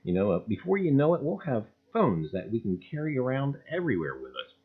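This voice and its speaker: A man's voice: mid-range voice, very animated, fairly quick, husky. Folksy man hosting a livestream. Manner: folksy, repeats catchphrases, loud cheerful greetings. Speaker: livestream host. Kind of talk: livestream chat greeting viewers. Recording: dull lo-fi sound.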